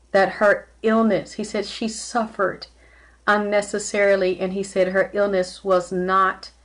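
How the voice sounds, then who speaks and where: Rambling woman talking to viewers. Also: mid-range voice. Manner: rambling, halting, many fillers and restarts; greets viewers mid-speech. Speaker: spiritual medium host. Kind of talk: casual livestream talk.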